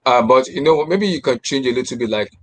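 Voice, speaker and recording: A man from Africa hosts a football stream and keeps the chat moving. He talks fast and repeats phrases in quick bursts. His pitch is ordinary for a man. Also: animated, fairly bright tone, dry recording. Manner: quick, repetitive, directing others. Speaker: stream host.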